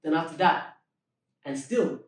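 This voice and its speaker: A young man telling a story on a podcast as a guest, animated, acting out the dialogue of people in his story and laughing through the punchlines, often using religious expressions. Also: on the high side, unhurried. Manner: peppers speech with religious expressions. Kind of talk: casual storytelling chat. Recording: roomy echo, mic at a distance.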